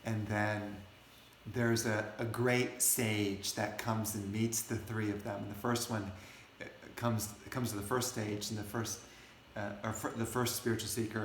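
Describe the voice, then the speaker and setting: A man's voice: lowish voice, roomy sound, a little hiss or hum. A man hosting, telling a story in a casual, rambling way with many restarts. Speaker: host.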